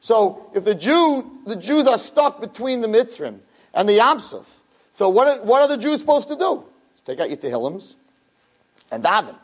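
A man giving a Torah class to a room of listeners, reading Hebrew verses and translating them, animated and acting out the dialogue. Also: moderate pace. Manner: animated, acts out dialogue with big pitch swings. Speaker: Torah teacher. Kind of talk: Torah class lecture to a live audience.

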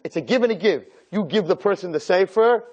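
Rabbi guy giving a torah class, kinda high voice, acts stuff out, lots of "right?" questions. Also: a little fast, dull audio. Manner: animated, acts out dialogues, rhetorical questions. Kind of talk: Torah lecture to a live group.

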